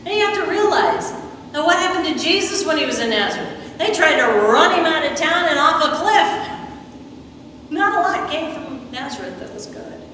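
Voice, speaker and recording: A woman with a high voice delivers a storytelling sermon and slips into the voices of the people she quotes. She sounds distant from the mic, with a long echo from a large church hall. Noise from the room sits clearly behind her. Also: expressive, normal speed, bright, forceful tone. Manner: storytelling, acts out quoted lines. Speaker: preacher. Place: church sanctuary. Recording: echoey hall from far off.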